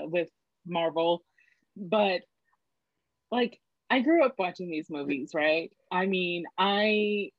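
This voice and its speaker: A woman's voice: on the low side, no room sound. A woman in her twenties, a podcast guest telling a story in casual chat, acting out dialogue with lots of fillers. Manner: animated, acts out dialogue, many fillers. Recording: dull lo-fi dry recording.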